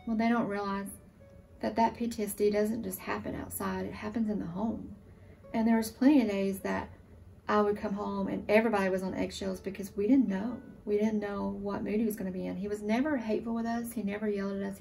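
A woman in her forties, a surviving military spouse, giving an emotional, earnest testimonial, sometimes halting. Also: medium pitch, creaky, mellow, far from the mic. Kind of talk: testimonial interview.

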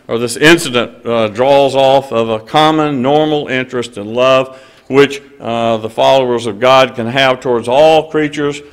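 A man preaching a conversational sermon, reading scripture aloud, stressing words and often pausing on "uh" while joking with the audience. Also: medium pitch, fairly bright tone, rough recording. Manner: emphatic, hesitant "uh" fillers, banter with the audience. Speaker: preacher at a lectureship.

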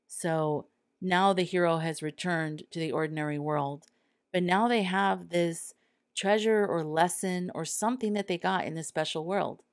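A woman's voice: fairly low pitch, moderate pace, dry recording, clean studio sound. A woman hosting her own podcast, talking earnestly and candidly, sometimes acting out quoted thoughts. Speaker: podcast host. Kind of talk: solo podcast monologue.

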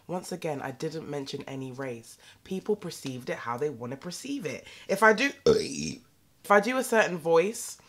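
A young British woman vlogging at home, talking straight to the camera in a sassy, animated rant. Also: sits low, normal speed. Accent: British English. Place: indoors at home.

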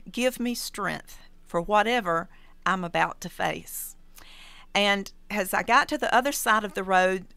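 A middle-aged woman, calmly and earnestly telling a personal testimony as a radio guest. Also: mid-range voice, clean tone, dry recording. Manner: calm, earnest storytelling.

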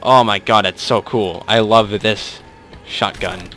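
A young man commenting on his own gameplay, excitable, swearing and muttering asides. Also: fairly low pitch, takes it slowly, faint music behind. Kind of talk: let's play commentary.

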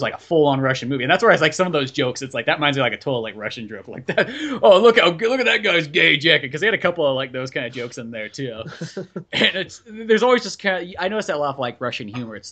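A man's voice: mid-range voice, racing. A man co-hosting a podcast, chatting casually about films in a rambling, good-humored way. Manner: lively, rambling, chuckling asides. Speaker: podcast co-host. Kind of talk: casual movie chat.

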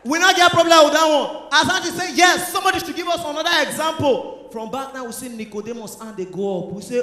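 High-voiced Nigerian comedian in an echoey hall. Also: male voice, fairly quick, few pauses. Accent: Nigerian Pidgin. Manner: loud, animated, mixing Pidgin and English. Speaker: stand-up comedian. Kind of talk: stand-up comedy set. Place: church hall stage. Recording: echoey hall with long reverb.

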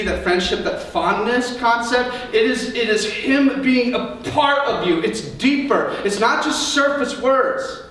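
A male pastor delivers an earnest sermon in a fairly high voice. He stumbles and repeats words as he pushes on. The sound is roomy and heavily echoed, picked up from well back with faint hum behind. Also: fairly bright tone. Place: church sanctuary. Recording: echoey church sound from far off.

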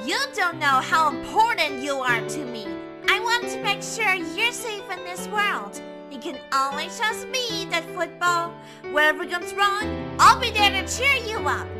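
A very high, lively little cartoon girl, voiced by a woman, soft-spoken and doting on her friend. Her pitch leaps around with eager, earnest warmth. Loud music plays under her in the dub. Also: measured pace. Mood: tender. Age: 20s. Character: sweet cutesy young girl, devoted and protective.

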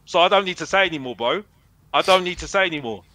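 A man's voice: high-pitched, lively intonation, fast talker, pushed and bright, no room sound, low-quality recording. A man, a football fan arguing heatedly on a fan show, brash and boastful, repeating himself. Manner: brash, boastful, repeats himself, calls himself Mister Box Office.

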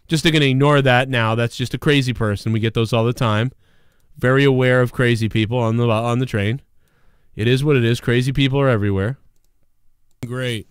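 A man hosting a live stream show in casual, profane chat, breaking into loud mock screams when excited. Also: mid-range voice, a little fast, clean tone, dry recording, clean studio sound. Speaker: livestream show host.

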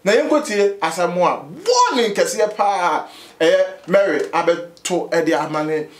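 A Ghanaian man presents entertainment news in a lively way, mixing languages as he talks. His voice sits a little high for a man, and the recording has a roomy echo. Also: slow pace, slight background noise. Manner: lively, switches between languages. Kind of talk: news commentary.

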